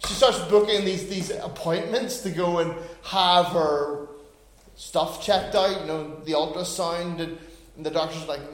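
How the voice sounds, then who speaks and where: A pastor in his forties delivers a sermon in a high voice. He drops to a hush and then builds to loud, emphatic peaks. The recording is roomy, with a noticeable echo. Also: fairly even intonation, measured pace. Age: 40s. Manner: dynamic preaching, swings from hushed to loud and emphatic.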